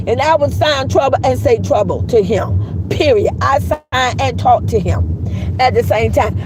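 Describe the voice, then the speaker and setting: A woman telling a story in casual, animated vlog style, cursing freely and calling her listeners girl and baby. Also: high voice, quick pace, a little hiss or hum, low-quality recording.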